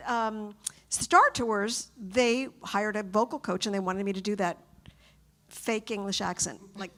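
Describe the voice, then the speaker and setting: A woman voice actor on a convention panel, telling stories in an animated, chatty way and acting out quotes. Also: medium pitch.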